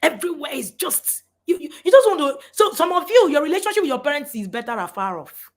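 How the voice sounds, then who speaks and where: A woman's voice: high voice, big pitch swings, fast. A middle-aged woman, a parent coach giving a passionate motivational talk, swinging between emphatic lines and near-whispers.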